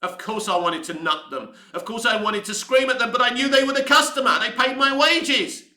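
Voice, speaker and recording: A man ranting angrily in a heated, sweary commentary, his voice going hoarse. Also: extremely high pitch, normal speed, bright, forceful tone, reverberant. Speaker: online commentary host. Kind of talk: angry opinion rant.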